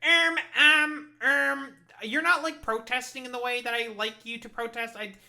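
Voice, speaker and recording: A man's voice: very high voice, fairly even intonation, moderate pace, gravelly, sharp tone, pitched above the performer's own voice, exaggerated voice. Man mocking a whiny fussy protest critic.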